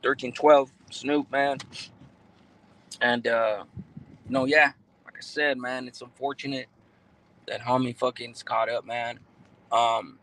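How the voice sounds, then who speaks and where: A man's voice: medium pitch, fairly bright tone, low-quality recording. A man chats easily on a livestream, loose and talkative. He drops street slang and curses freely, reading viewer comments and talking straight to his audience. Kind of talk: casual livestream chat.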